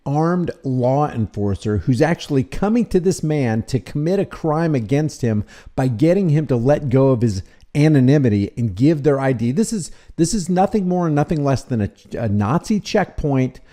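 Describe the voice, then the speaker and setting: A man narrating commentary over a video in a mellow, warm tone. His delivery is fiery and emphatic, and his pitch swings widely as he drives each point home. He sounds like a passionate preacher of rights. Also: animated, moderate pace.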